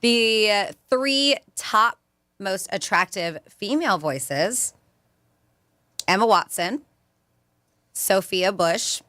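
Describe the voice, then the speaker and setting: A woman's voice: medium pitch, expressive, slow pace, long pauses, pushed and bright, dry recording, studio quality. A woman co-hosting a radio show in casual chat, reading a survey list and laughing now and then. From Florida. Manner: chatty, laughs, reads off a list. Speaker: radio co-host.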